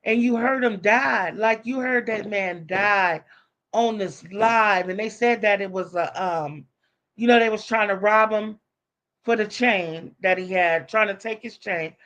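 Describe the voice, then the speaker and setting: A woman's voice: mid-range voice, unhurried, a bit bright. A woman live streamer telling a story in casual, profane talk, acting out the voices of the people she quotes.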